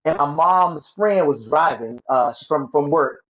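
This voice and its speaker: A man's voice: a little high, measured pace, dull audio. A man telling a painful childhood story as an interview guest. He stumbles, repeats words and acts out the voices of people he quotes. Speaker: guest sharing his story. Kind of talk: emotional personal storytelling.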